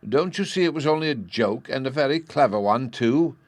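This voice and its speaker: A man voicing a domineering, fussy noble lady with a shrill, imperious manner. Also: lively intonation, brisk, no room sound, lightly acted.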